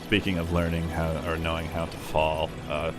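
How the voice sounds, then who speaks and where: Low-voiced man joking through a game. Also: normal speed, over music. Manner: relaxed, joking, rambling storyteller. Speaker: gaming co-host. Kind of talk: casual let's play chat.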